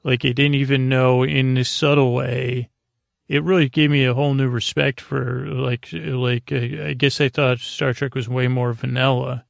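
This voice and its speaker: A man with a deeply gravelly, fry-heavy voice recaps an episode in loose podcast chat. He rambles and restarts often. The sound is dry and close. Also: level tone, moderate pace, no room sound. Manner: rambling, many fillers and restarts. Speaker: podcast host.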